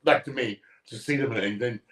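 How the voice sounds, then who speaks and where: A man co-hosting a casual chat show, telling animated stories and swearing freely. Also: medium pitch, moderate pace, reverberant. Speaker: co-host.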